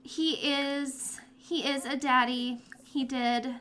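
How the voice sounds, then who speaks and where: Bright, high-voiced young woman gaming. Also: little pitch movement, slow pace, slight background noise. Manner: chatty, talks fondly to her game characters. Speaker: let's play host. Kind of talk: casual gameplay commentary.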